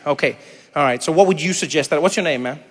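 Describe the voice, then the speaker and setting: A man in his forties from South Africa doing stand-up and crowd work, animated and acting out little voices as he talks, laughing along with the room. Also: a little high, fast talker, long reverb tail. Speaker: comedian. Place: comedy venue with a live audience.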